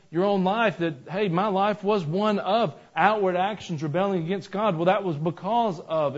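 A man preaching a sermon in a church, talking conversationally and adding joking asides. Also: on the high side. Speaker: pastor. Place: church sanctuary. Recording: dull lo-fi recording.

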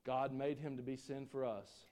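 A man preaching a sermon, folksy and joking with the congregation, swinging between loud preaching and quiet asides. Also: mid-range voice, level tone, normal speed. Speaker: pastor.

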